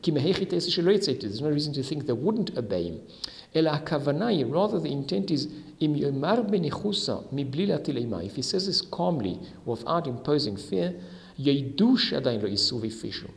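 A man with a slightly high, gravelly voice gives a Talmud lesson in a reverberant hall. He reads the Aramaic with Ashkenazi Hebrew pronunciation, then explains each line in English. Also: big pitch swings, fairly quick. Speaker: Torah teacher. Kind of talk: Talmud lesson, reading and translating.

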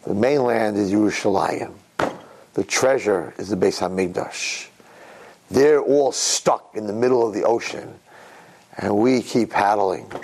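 A man giving an inspirational religious talk on a recorded message. He tells a parable with lively swings between hushed and excited delivery. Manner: animated storyteller, swings between low and excited. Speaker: Jewish religious speaker. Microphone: recorded tape message.

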